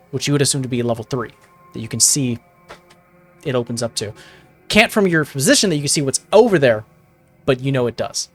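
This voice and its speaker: A man's voice: mid-range voice, a bit bright. A man as game master, describing a tabletop game scene with many fillers and self-corrections.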